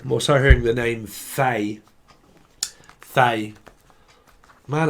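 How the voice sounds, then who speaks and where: A man talks loosely through a tarot reading, his voice sitting at an ordinary middle pitch. He rambles, swears casually and chuckles between thoughts, wandering off topic as he goes. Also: takes it slowly, long pauses. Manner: chatty, swears freely, chuckles often, drifts off topic. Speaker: tarot reader.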